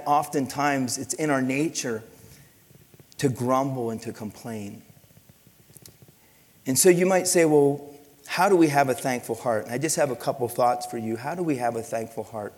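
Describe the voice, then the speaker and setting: A middle-aged man preaching a sermon as pastor, telling stories in an animated way with many restarts and repeated words. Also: mid-range voice. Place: church sanctuary. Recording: long reverb of a church hall.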